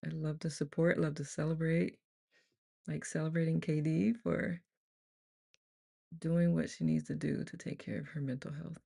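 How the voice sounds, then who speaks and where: Gravelly woman leading a chatty group session. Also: deep voice, flat delivery, moderate pace, long pauses, mellow. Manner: chatty, laughs often, rambling restarts. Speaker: meditation group leader. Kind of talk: casual live online group session. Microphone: on camera, computer mic.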